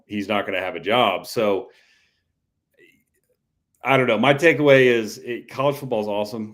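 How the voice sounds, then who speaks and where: A man co-hosting a casual college football talk show, rambling with frequent restarts. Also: lowish voice. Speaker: podcast co-host.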